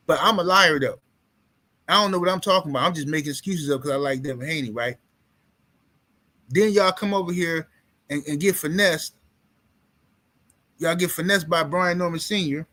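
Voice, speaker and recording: High-voiced man ranting about boxing. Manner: animated, trash-talking, mocking. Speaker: boxing commentary streamer. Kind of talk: casual live-stream rant.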